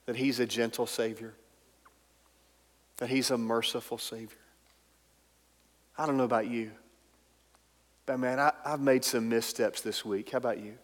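A pastor preaching a sermon, emphatic and at times dropping to a soft, intimate tone. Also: male voice, mid-range voice. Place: church sanctuary. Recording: long hall reverb.

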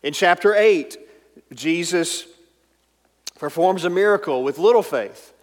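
Man, pastor, sermon, emphatic then hushed, slightly high voice, church reverb. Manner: emphatic, drops to a soft intimate tone at times. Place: church sanctuary. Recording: long hall reverb.

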